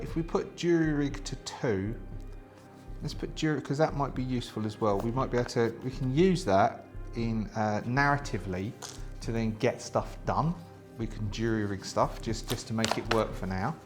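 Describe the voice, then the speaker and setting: A man's voice: mid-range voice, normal speed, soft background music. A man hosting a solo tabletop game, reading rules aloud and thinking through his choices in a chatty way, with many fillers and restarts.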